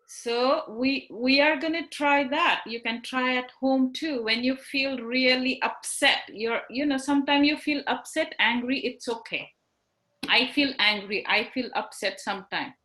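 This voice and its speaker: A woman's voice: sits high, pushed and bright, poor audio. A woman teaching young children in an online class over a video call, encouraging them with simple words and frequent tag questions.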